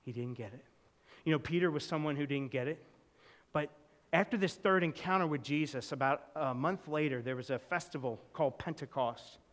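A man preaching a storytelling sermon as pastor, earnest, moving between loud emphasis and soft, intimate low passages. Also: a little fast, big-room sound.

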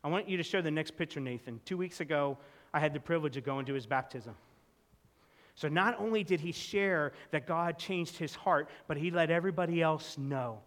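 A man preaching a storytelling sermon as pastor, earnest, moving between loud emphasis and soft, intimate low passages. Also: brisk, big-room sound.

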